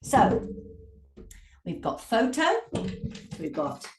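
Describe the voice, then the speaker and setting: A woman teaching English pronunciation, drawing out words slowly and stressing syllables to demonstrate. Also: on the low side, recorded from a distance, a little hiss or hum. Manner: slow, drawn-out demonstrative speech with lively emphasis. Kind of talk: pronunciation lesson. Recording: echoey room.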